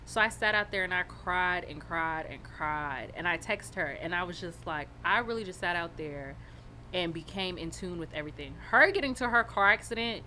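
A woman's voice: on the low side, lively intonation, normal speed, pushed and bright, a little hiss or hum. A woman co-hosting a podcast, talking candidly and reflectively in casual chat. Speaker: podcast co-host.

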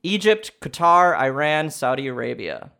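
A young man with a lively, far-ranging pitch hosts his own sports quiz for laughs. He reasons out loud, bursts into shouts when he scores, then drops to quiet grumbles when he misses. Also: moderate pace, vocal fry, clean tone. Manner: animated, thinks out loud, swings from shouting to muttering. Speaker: quiz contestant and host. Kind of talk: comedic solo quiz challenge.

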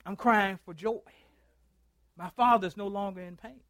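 Man, pastor, sermon, high voice, dry close sound, storytelling, loud-to-hushed delivery, call-and-response. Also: no room sound. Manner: storytelling, acts out both sides of a phone call; swings from loud to hushed, drawn-out phrases. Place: church.

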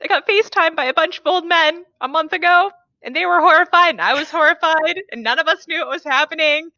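Woman, casual chat, bright forceful voice, dry close sound, slightly dull audio. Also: very high-pitched, a little fast, no echo. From foreigner living in Korea. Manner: animated storytelling, acts out quoted replies.

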